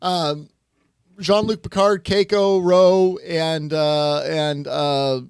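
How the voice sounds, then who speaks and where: A man's voice: fairly high pitch, fairly even intonation. A man co-hosting a casual podcast chat, joking, laughing often and reeling off lists. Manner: laughs often, jokey, lists things off quickly. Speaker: podcast co-host.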